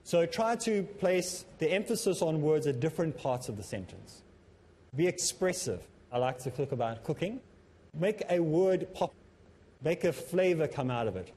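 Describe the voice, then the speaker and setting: A man presenting a televised lesson on public speaking, talking in a measured, instructive way that he himself calls a bit monotonous. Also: a little high, husky. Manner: self-described as a bit monotonous. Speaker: Islamic teacher and TV presenter.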